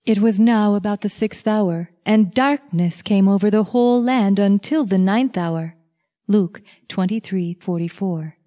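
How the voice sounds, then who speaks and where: A woman reading Bible passages aloud in a measured, deliberate scripted reading. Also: medium pitch, warm tone. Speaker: scripture reader.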